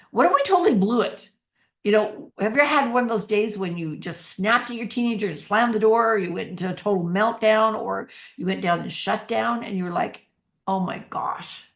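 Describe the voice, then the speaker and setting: A middle-aged woman giving a motivational workshop talk as a parenting coach, energetic and slowing down to stress key phrases. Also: mid-range voice.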